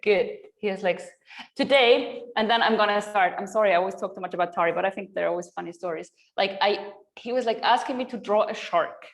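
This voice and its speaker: A woman's voice: mid-range voice, quick pace, gravelly. A woman in her thirties, a yoga teacher chatting with her online class, rambling and laughing often at herself.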